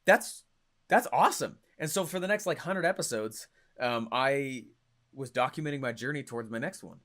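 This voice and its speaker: A young adult man coaching on marketing, talking in an energetic, punchy way and often checking in with "right?" and "okay?". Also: mid-range voice, moderate pace. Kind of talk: stage-style teaching talk.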